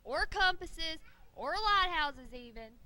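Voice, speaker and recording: A bragging puppet pirate captain, put on by a woman for a children's church show, full of "arr"s and stammers. The voice sits high and swoops up and down. Its tone is very bright and sharp. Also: lively intonation, slow, heavily acted. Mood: boastful pirate. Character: boastful, hat-loving, dim-witted pirate captain puppet, female-voiced.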